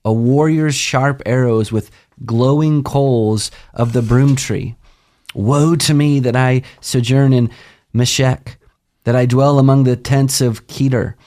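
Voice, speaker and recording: A man, a pastor, reading a psalm aloud in a measured, solemn way and joining the discussion. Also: mid-range voice, fairly even intonation, darkish tone.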